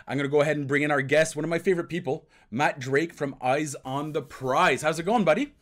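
A man's voice: fairly high pitch, fast talker, hardly any pauses, a bit bright. Rambling bilingual male hockey show host. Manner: rambling, switches between English and French. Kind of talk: casual hockey podcast livestream chat.

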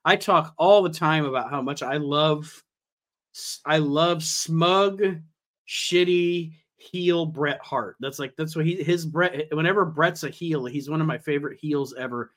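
A man's voice: on the high side, a little slow, a bit bright. Laughing, swearing podcast host man. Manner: laughs often, swears casually. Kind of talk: casual podcast chat.

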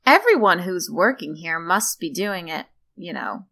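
A woman's voice: fairly low pitch, very animated, a little slow, creaky, pushed and bright. A woman chatting in a self-deprecating way while playing a tabletop game. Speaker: player. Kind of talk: casual chat during a tabletop game.

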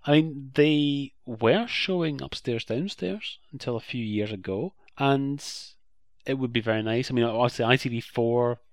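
A man's voice: medium pitch, moderate pace, no room sound, clean studio sound. A man co-hosting a podcast in a chatty, agreeable way, leaning hard on the words he stresses. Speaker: podcast co-host. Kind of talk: casual podcast discussion.

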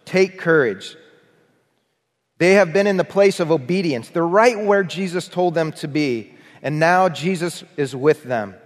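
A man's voice: on the high side, normal speed. A man preaching a sermon as pastor, earnest, with shifting emphasis, sometimes having the congregation repeat phrases after him. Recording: long hall reverb.

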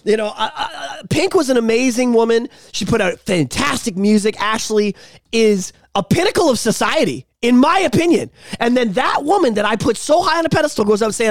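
A man's voice: very high voice, sing-song, moderate pace, no room sound, studio quality. A man hosting a podcast, ranting in a heated, profane way in casual chat. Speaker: podcast host.

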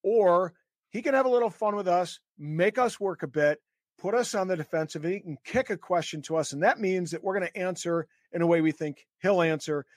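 Chatty male podcast co-host, slightly high voice, dry close-mic sound. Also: a little fast, no room sound. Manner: chatty, explains at length with fillers. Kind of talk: casual podcast interviewing.

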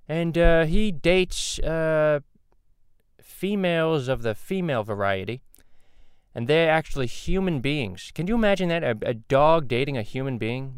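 A man voicing a crass, loudmouthed middle-aged cartoon dad, nasal and rambling, in a crude comedy monologue. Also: on the high side, clear, resonant tone, dry recording. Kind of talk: fan comedy impression monologue.

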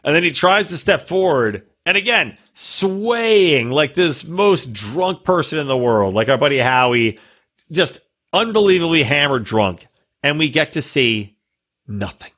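A man with a bright, husky voice rambles through a casual podcast chat, joking his way through gossip. His pitch runs higher than most men's and jumps around constantly. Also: sing-song, unhurried. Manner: rambling, jokey, puts on silly voices for gossip. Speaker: podcast co-host.

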